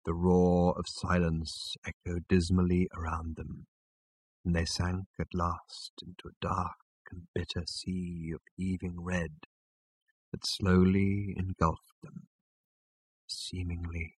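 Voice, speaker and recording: A man narrating a storybook chapter in a slow, measured, dramatic reading. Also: sits low, level tone, husky. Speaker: audiobook narrator. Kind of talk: scripted narration.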